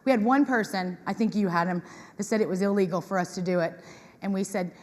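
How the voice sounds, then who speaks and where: A woman giving a lively talk to an audience, acting out customers in quoted voices. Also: mid-range voice, a little fast. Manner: animated, acts out tenants in quoted voices. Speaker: conference speaker on property management. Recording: reverberant hall.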